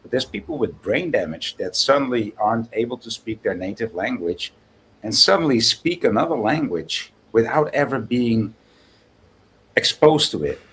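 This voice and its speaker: A man co-hosting a casual talk show, speaking haltingly and searching for his words. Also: medium pitch, lively intonation, a bit bright, a little hiss or hum, poor audio. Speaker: podcast co-host. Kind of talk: casual chat.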